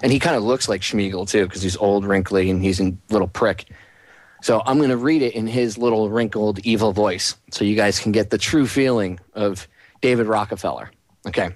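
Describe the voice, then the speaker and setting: A man's voice: fairly low pitch, moderate pace, dry recording. A man hosting a talk radio show, ranting sarcastically in a monologue.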